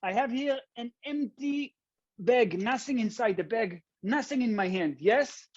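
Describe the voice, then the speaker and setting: A man's voice: very high-pitched, lively intonation, a little slow. A man from Israel speaks with his Israeli accent as he leads a magic show over a video call. He is playful and chatty, coaxing the audience along step by step. The call audio comes through dull and lo-fi.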